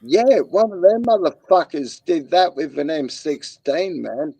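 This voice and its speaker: A man's voice: on the high side, lively intonation, measured pace, gravelly, warm tone, a little hiss or hum. A man and former soldier in casual chat, talking in a crude, laid-back way. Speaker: podcast co-host, ex-soldier.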